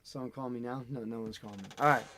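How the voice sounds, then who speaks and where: A man in casual chat, telling an animated, ranting story as host. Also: mid-range voice, fast talker.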